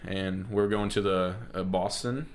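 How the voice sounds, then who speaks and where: Man, low voice, casual podcast storyteller, rambling, lots of ums. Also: steady tone, measured pace, slight background noise. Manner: rambling, filler-heavy, acts out quotes. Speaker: podcast co-host.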